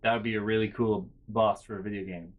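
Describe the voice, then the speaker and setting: A young man vlogging, telling a casual, rambling story full of restarts and quiet muttered asides. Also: lowish voice, level tone, fast. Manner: rambling, self-interrupting with fillers and restarts.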